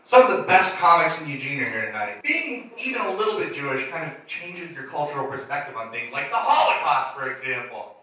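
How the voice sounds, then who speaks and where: A man doing energetic, punchy stand-up comedy. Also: fairly high pitch, a little fast. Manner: punchy, energetic club delivery. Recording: echoey club, mic far off.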